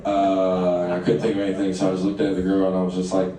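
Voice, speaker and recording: A man's voice: deep voice, monotone, quick pace. A man, doing a stand-up comedy set in a conversational way and chuckling through his lines. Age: late 20s. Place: live comedy venue, echoey room. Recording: echoey live room, distant, crowd ambience.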